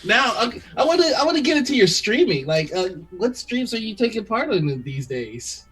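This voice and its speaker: An upbeat man hosts a casual chat and laughs often. His voice is a little husky, sits on the higher side, and rises and falls a great deal. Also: big pitch swings, moderate pace, a bit bright, poor audio. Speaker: host.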